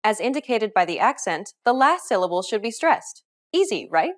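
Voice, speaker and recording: A woman narrating a scripted pronunciation lesson in a clear, instructive manner. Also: mid-range voice, big pitch swings, moderate pace. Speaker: language teacher.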